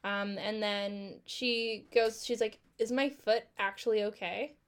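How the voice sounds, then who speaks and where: A woman's voice: medium pitch, unhurried, smooth. A young woman co-hosting a casual chat, telling a story with lots of swearing and acted-out quotes. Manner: animated, swearing, acts out quotes. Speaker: podcast co-host.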